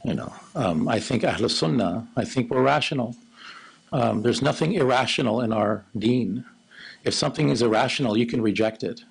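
Gravelly-voiced man giving a religious lecture. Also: moderate pace, low-quality recording. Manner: low monotone delivery. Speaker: Islamic lecturer.

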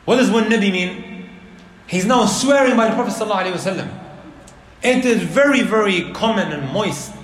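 A man giving a religious lecture to a live audience, animated and asking the crowd rhetorical questions. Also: high voice, fairly quick. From Leicester, England. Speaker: Islamic preacher. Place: indoor hall with an audience. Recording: roomy lecture hall.

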